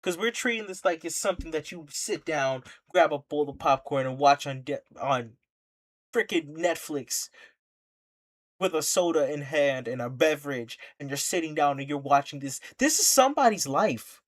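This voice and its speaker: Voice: mid-range voice, expressive, normal speed. A streamer giving an impassioned, indignant commentary rant, full of rhetorical questions and repeated points.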